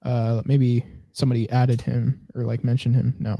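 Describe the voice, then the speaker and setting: A man co-hosting a podcast, casually thinking out loud as he scrolls through and reads posts. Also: medium pitch, level tone, moderate pace, creaky, dry recording, lo-fi sound. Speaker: podcast co-host.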